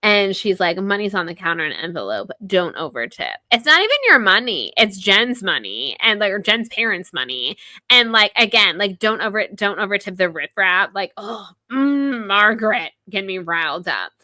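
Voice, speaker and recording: A woman's voice: medium pitch, normal speed, no echo. A young woman hosting a podcast, casually recapping a book chapter and retelling scenes, with lots of "like" in her speech. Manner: chatty, heavy use of "like", animated retelling. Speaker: podcast host.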